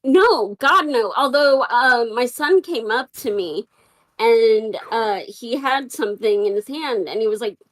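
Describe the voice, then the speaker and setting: A woman's voice: fairly high pitch, animated, a little slow, rough recording. A woman co-hosting a casual podcast, speaking dryly and plainly. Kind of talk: casual chat.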